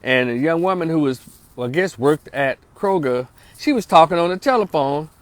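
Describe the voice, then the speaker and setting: A man's voice: a little high, animated, moderate pace, dry recording. A middle-aged man, a social worker telling a story in a casual, slangy way that turns into preaching. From North Memphis, Tennessee. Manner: slangy, streetwise, asks listeners for agreement.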